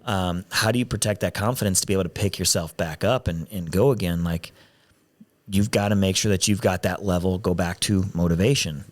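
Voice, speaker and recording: Speaking into a studio mic while wearing headphones, a male podcast host keeps things casual, wandering in his talk and often starting over. He has a deep voice and a brisk delivery.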